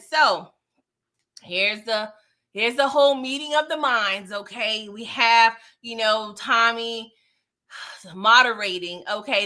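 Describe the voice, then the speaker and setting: A woman with a medium-pitched, pushed and bright voice casually recaps TV episodes for her viewers. She's chatty and slangy, addressing her audience directly.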